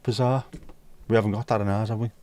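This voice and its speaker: A man's voice: on the low side, fairly even intonation, fast, a little mellow, no room sound. A man hosting a livestream, chatting casually and jokily with his viewers. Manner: chatty, jokey banter. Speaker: livestream host.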